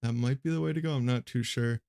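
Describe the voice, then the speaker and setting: A young man streaming a card game match, giving casual and rambling play-by-play commentary in a flat, monotone way with lots of fillers. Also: mid-range voice, fast, gravelly, clear, resonant tone.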